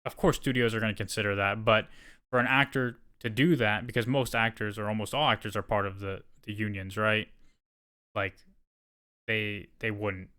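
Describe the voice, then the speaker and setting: A man's voice: fairly low pitch, fairly even intonation, moderate pace, sharp tone, smooth. A man co-hosting a podcast, reading news items aloud and adding rambling asides in casual chat. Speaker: podcast co-host.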